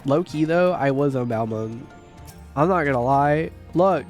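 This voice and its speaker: A man in his thirties chatting casually on a game livestream, rambling and swearing, with sudden loud outbursts. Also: mid-range voice, animated, faint music behind. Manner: profane, rambling, quick bursts of shouting. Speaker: streamer. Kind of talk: casual livestream chat while gaming.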